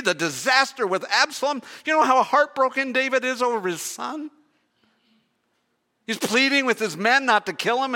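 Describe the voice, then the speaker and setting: An older male pastor delivering a sermon in a bright, forceful, slightly higher-pitched voice. He preaches earnestly, stumbles and restarts phrases, and throws rhetorical questions at the congregation.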